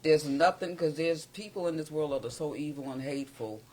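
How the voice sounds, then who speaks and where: An older man talks as a guest in a small studio, blunt and candid. He hops from one thought to the next and doesn't soften anything. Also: on the high side, a little fast. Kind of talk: casual chat.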